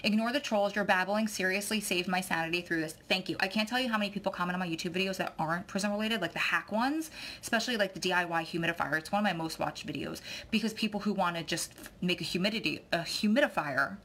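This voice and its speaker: A woman's voice: fairly low pitch, fast talker, a bit bright, a little hiss or hum. A woman vlogging, talking in a rambling, effusive way that often turns tearful. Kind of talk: rambling emotional vlog chat.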